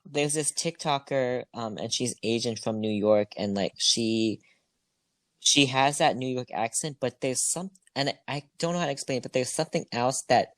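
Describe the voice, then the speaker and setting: A man co-hosting a podcast in casual chat, blunt and quick to disagree. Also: medium pitch, fairly bright tone, no echo. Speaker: podcast co-host.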